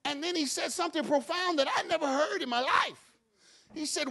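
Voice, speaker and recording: A pastor with a very high-pitched, fry-tinged voice preaches a sermon at normal speed. He moves from quiet talk to shouting, acting out his own prayers and God's replies.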